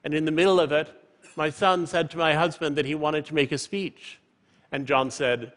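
A man in his fifties giving a prepared public talk from a stage, in a measured, eloquent way. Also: on the high side, fairly even intonation, fairly bright tone. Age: 50s. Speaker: public speaker. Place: stage in a large hall. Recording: reverberant large auditorium.

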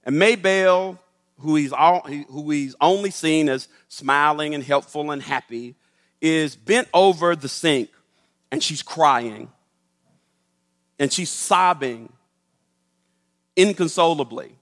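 Man, storytelling talk, fairly high voice, emphatic, echoey hall. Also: takes it slowly, long pauses, fairly bright tone. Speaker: speaker.

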